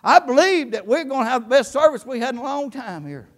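Older man, sermon, very high voice, impassioned swings from shouting to quiet talk. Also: animated, quick pace. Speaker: pastor. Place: church.

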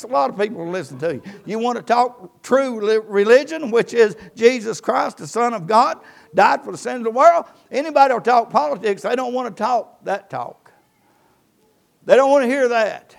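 A pastor delivers a church sermon, his voice pitched high for a man and full of gravelly fry. He quotes scripture and swells and drops his emphasis as he preaches. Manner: preaching with rising and falling emphasis, quoting scripture.

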